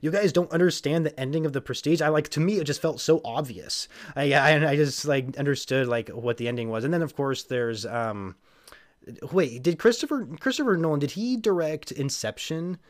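A man's voice: a little high, animated, moderate pace. A man hosting a podcast, chatting casually about movies with friends, rambling with frequent restarts and laughs. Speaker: podcast host.

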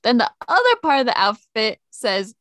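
A woman's voice: fairly high pitch, very animated, normal speed, a bit bright, dry recording. A woman co-hosting a casual chat, reacting with teasing interjections. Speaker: podcast co-host.

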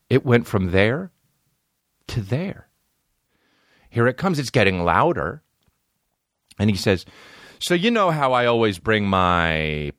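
A man's voice: fairly low pitch, no echo, clean studio sound. A man hosting a podcast, telling a rambling comic story full of swearing and restarts. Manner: profane, animated, rambling storyteller. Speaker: podcast host. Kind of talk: comedic storytelling.

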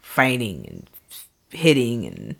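A woman's voice: a bass voice, huge pitch swings, slow pace, gravelly, fairly bright tone, breathy edge. A woman hosting a true-crime podcast, telling the case in casual chat, laughing often and swearing freely. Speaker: podcast host, narrator of the case.

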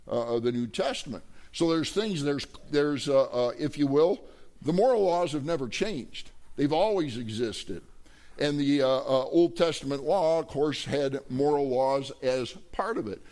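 A man preaching a sermon as pastor, emphatic, asking the congregation questions and leaping higher when he voices others. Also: a little slow, darkish tone. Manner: emphatic, rising to high pitch for quoted voices.

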